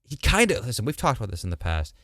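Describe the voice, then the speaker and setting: A man's voice: medium pitch, big pitch swings, fast talker, a bit bright, dry recording, clean studio sound. A young man co-hosting a podcast, chatting casually and jokingly, full of slang and fillers. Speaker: podcast co-host. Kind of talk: casual chat.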